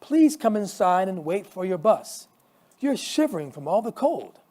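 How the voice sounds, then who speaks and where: A cheerful, kind wife voiced by a male pastor speaks up in a raised, lifted tone. The pitch climbs and swings freely as she exclaims over small wonders, in a lively storybook reading. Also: measured pace, exaggerated voice. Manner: exclaiming, higher-pitched put-on voice. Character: cheerful middle-aged wife, warm churchgoer.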